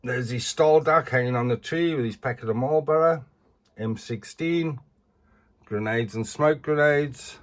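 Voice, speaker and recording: Slow-talking collector. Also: male voice, medium pitch. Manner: chatty, tags sentences with "eh". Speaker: collector reviewing figures. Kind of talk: casual review vlog.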